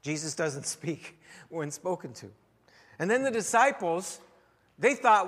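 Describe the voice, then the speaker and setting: A man preaching a sermon as pastor, telling a story with wry humor and swings in loudness. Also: high-pitched, expressive, a little slow. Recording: long hall reverb.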